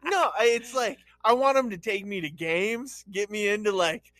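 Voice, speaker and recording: A man's voice: high-pitched, moderate pace, fairly bright tone, dry recording. A man co-hosting a podcast, joking around and laughing often in casual banter. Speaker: podcast co-host.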